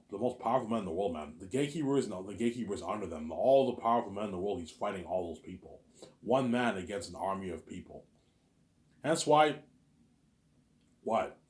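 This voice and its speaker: Low-pitched man, rambling vlog talk, swears a lot, repeats words, roomy echo. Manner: profane, stammers and repeats words. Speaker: vlogger. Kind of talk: rambling monologue. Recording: echoey room.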